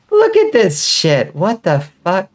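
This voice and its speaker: A woman with a faint Southern accent and a slight lisp, giving casual gaming commentary while enunciating clearly. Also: medium pitch, darkish tone. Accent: subtle Southern US. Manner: clear enunciation, swears and laughs often. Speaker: vtuber streamer.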